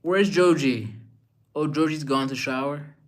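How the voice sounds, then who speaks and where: Laid-back slow-talking young man. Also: on the high side. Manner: laid-back, reads chat messages aloud and muses. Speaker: livestreamer. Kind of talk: casual livestream chat.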